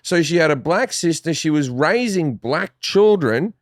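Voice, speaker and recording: Australian man, casual podcast chat, blunt and sweary, higher voice, dry close sound. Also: lively intonation, unhurried, no room sound. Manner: blunt, profane, rambling with restarts. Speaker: podcast guest.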